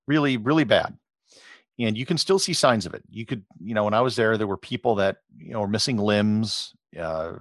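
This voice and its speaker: A middle-aged man with a somewhat low voice talks through his ideas in a relaxed, explanatory way, often pausing on fillers. The sound is dry and close, with no room echo. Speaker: podcast host and travel photographer. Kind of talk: conversational interview answers.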